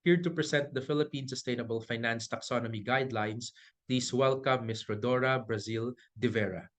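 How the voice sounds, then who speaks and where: A man moderating a webinar, introducing speakers in a friendly, polite, unhurried way. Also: medium pitch, fairly even intonation.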